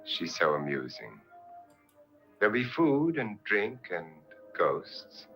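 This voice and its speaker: Very deep-voiced, sardonic rich host, lively, smooth 1950s film delivery, music under an old soundtrack. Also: male voice, slow pace, muffled recording, full character voice. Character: suave wealthy man hosting a sinister party. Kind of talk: 1950s horror film acting.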